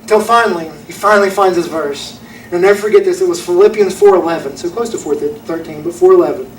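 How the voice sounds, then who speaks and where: A young man with a high voice preaches a sermon quickly, telling a story in an earnest, folksy manner. He's recorded from a distance in an echoey church auditorium, with slight background noise.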